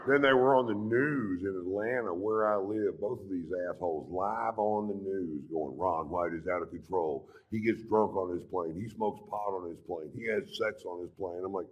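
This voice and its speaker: A middle-aged man doing a stand-up comedy routine, telling crude stories in a dry, deadpan drawl. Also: low voice, moderate pace, few pauses.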